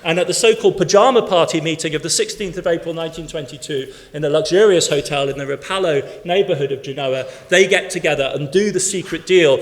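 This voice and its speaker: A man with a notably high speaking voice delivers an academic keynote to a seated audience. He speaks emphatically and builds his points in rhythmic lists. His words ring out with the long reverb of a large conference hall. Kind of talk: academic lecture.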